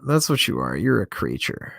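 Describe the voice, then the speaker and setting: A man's voice: fairly low pitch, wildly swooping pitch, moderate pace, vocal fry, a bit bright, slightly rough, dry recording, studio quality. A man hosting a casual reaction stream, crude and mocking, swearing heavily and reacting with disbelief.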